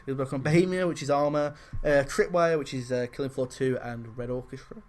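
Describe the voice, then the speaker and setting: A man's voice: medium pitch, steady tone, quick pace, a little mellow. A man hosting a gaming podcast in loose casual chat, rambling with lots of fillers and swearing freely. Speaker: podcast host.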